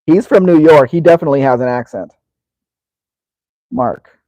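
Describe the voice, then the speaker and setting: An older man from California, his voice on the high side and mellow, hosts a live Q&A at a moderate pace in a dry recording. He reads viewer comments aloud and answers them casually, rambling and often restarting or repeating words.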